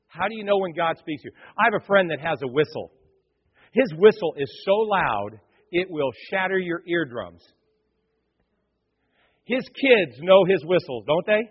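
A male pastor in his forties preaching a sermon, full of rhetorical questions and swinging between loud bursts and hushed asides. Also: sits high, expressive, normal speed, long pauses, slightly rough. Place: church sanctuary. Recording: muffled, echoey church hall.

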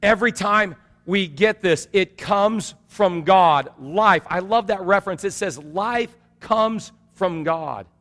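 A male pastor delivers a sermon in a high, bright-edged voice. He preaches in an animated, storytelling manner and calls out for amens. His words ring through a church hall with a long reverb. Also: slow pace, hardly any pauses.

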